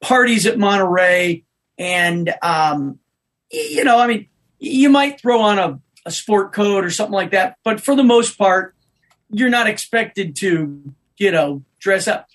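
A man, a podcast guest, telling an animated story in casual chat. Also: sits high, measured pace.

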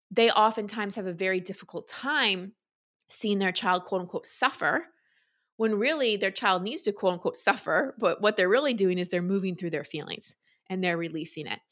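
An earnest woman speaks as a guest in an interview, explaining in a calm, teacherly way. She slips into quoted voices to illustrate her points. Her voice sits at a mid pitch. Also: normal speed. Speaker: guest, emotional wellness teacher. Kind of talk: conversational interview answer.

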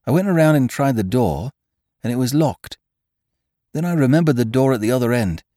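A man's voice: mid-range voice, a little mellow, dry recording, studio quality, voice pushed up, lightly acted. A man voicing a nervous, respectful gardener who tells his tale earnestly to his employer. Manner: earnest, respectful, addresses others as sir. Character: nervous deferential male gardener, working man.

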